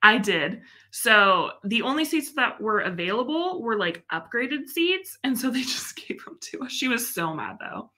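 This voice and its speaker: Bright-voiced chatty young woman. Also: a little high, normal speed, few pauses. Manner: chatty and expressive, laughs often. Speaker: livestream host. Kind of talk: casual live-stream chat.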